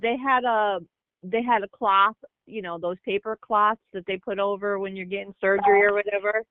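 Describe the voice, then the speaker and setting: A woman's voice: medium pitch, fairly even intonation, moderate pace, clear, resonant tone. A middle-aged mother talking about her family in a plain, matter-of-fact way as a podcast guest. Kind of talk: casual family chat. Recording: tinny phone-like sound, dry.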